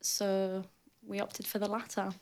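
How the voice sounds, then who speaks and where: A woman's voice: medium pitch, measured pace. A woman in her twenties from Hull with a thick Northern English accent, telling stories as a guest in a casual chat, with lots of fillers. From Hull, England, raised in southern Spain. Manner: chatty, animated storyteller with frequent fillers. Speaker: guest athlete.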